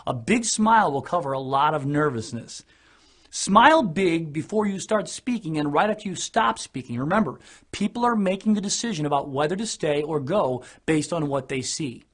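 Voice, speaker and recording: A man with a somewhat high, husky voice talks straight to camera in a studio. He enunciates each word with care, like an announcer coaching a newcomer. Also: expressive, a bit bright. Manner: clear, deliberate, enunciated delivery. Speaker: presenter giving on-camera tips. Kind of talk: scripted instructional talk to camera. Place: recording studio.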